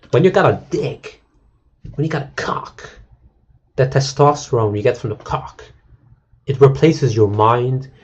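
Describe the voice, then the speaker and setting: A man's voice: mid-range voice, darkish tone, breathy edge, muffled recording. A male game streamer in a casual, crude and rambling rant to his chat, mocking and full of fillers.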